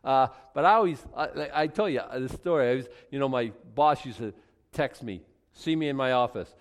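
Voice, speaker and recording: A man's voice: mid-range voice, expressive, normal speed, big-room sound. A man teaching a Bible study in a casual, conversational way, reading scripture aloud then commenting with frequent restarts.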